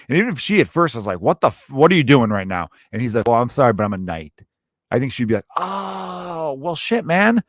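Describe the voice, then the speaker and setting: A man's voice: on the low side, no room sound, studio quality. A man hosting a comedy podcast, ranting solo in a profane, rambling way and slipping into voices for his stories.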